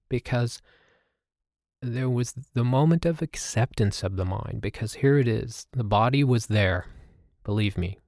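Low gravelly man telling a story. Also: darkish tone, no room sound, clean studio sound. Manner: reflective, halting, many fillers. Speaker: podcast host. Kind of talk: personal storytelling about meditation.

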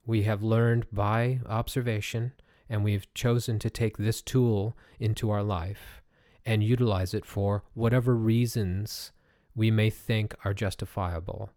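Male podcast host, lowish voice, gentle and unhurried reflective talk, dry close recording. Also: no echo. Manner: calm, gentle, unhurried, with small restarts.

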